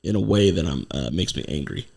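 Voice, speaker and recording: A man hosting a casual podcast from his home studio, sucking on cough drops for a sore throat, talking excitably and swearing as he laughs. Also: deep voice, a little fast, vocal fry. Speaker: podcast co-host.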